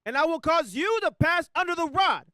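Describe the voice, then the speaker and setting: Guy reading bible verses out loud, very high voice, slow and careful, dry sound. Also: lively intonation, no echo. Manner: slow, deliberate, formal reading. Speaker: scripture reader.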